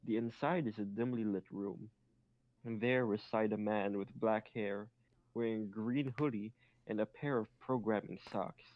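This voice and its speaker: A man's voice: fairly low pitch, steady tone, unhurried, no room sound, muffled recording. A man reading fan fiction aloud, stumbling on awkward grammar and making joking asides. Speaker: reader.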